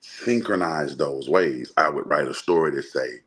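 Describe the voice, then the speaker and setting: A man from Alabama with an extremely deep, husky voice. He talks through ideas in a relaxed, unhurried way, often pausing to ask "right?". He sounds like one half of a casual podcast chat. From Birmingham, Alabama, US. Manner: explains slowly, often checks in with "right?". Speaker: podcast co-host discussing the Bible.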